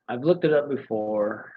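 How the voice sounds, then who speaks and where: A man thinking aloud while he writes and rehearses rap lines, chanting them over and over and then musing quietly to himself. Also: mid-range voice, dull audio. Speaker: amateur rapper writing lyrics.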